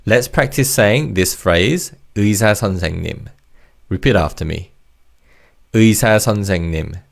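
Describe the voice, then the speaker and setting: A man's voice: lowish voice, fast talker, creaky. A man teaching Korean vocabulary in English, explaining word parts and leading repeat-after-me drills in a patient, encouraging way. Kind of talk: language lesson narration.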